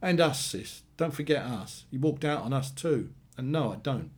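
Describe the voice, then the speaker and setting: A man's voice: medium pitch, animated, normal speed, voice pushed up, natural voice. A man voicing an angry young man in his twenties who swears bluntly and bitterly about his father.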